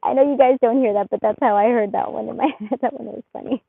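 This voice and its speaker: Animated tarot reader woman, phone-like sound. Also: fairly high pitch, fast talker, vocal fry, breathy edge, dry recording. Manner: murmurs softly while shuffling, then bursts into animated laughing chatter. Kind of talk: live tarot reading.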